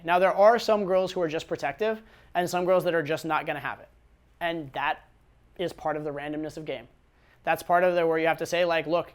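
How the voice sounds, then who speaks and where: A man giving casual dating advice, talking conversationally with repeated words and frequent "right?" tag questions. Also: fairly high pitch. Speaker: dating coach.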